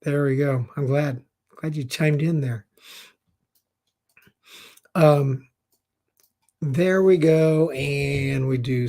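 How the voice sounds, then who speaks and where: A man's voice: a little high, slow pace, long pauses, mellow. A middle-aged man hosting a live-stream talk show, reading viewer comments and talking in an encouraging, folksy, reassuring way. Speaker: show host.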